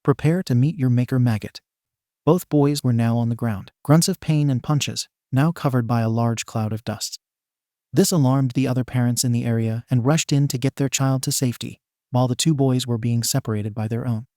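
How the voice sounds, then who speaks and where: A man's voice: medium pitch, fairly even intonation, moderate pace, dark tone, no room sound, clean studio sound. A man narrating a comic story in a wry, playful way.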